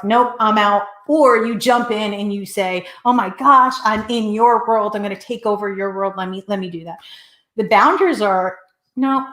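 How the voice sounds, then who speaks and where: A woman's voice: medium pitch, fairly bright tone. A woman hosting a talk show, delivering a passionate motivational speech in a repetitive, rallying cadence. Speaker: host. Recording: echoey room.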